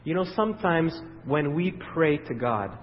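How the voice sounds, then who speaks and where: Guy preaching in a big echoey hall, kinda highish voice, asks the crowd stuff and waits for answers. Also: very animated, slight background noise. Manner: asks the audience questions and pauses for their answers; swings between loud emphatic peaks and quiet low passages. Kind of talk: sermon. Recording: dull, reverberant hall sound.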